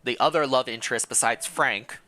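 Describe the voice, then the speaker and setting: A man's voice: medium pitch, fairly quick, bright, forceful tone. A man streaming, casually reading a visual novel aloud and commenting, often laughing and correcting himself.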